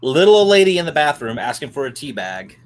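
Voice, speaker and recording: A man's voice: medium pitch, very animated, fast, a little hiss or hum. A man co-hosting a live show, chatting and explaining ideas in an easygoing way. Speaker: co-host. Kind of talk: casual chat.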